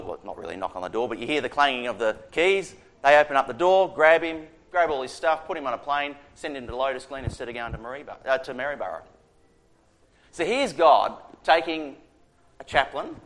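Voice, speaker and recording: Australian man telling a chaplaincy story. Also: fairly high pitch. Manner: conversational, animated retelling with quoted dialogue. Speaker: prison chaplain. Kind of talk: storytelling testimony.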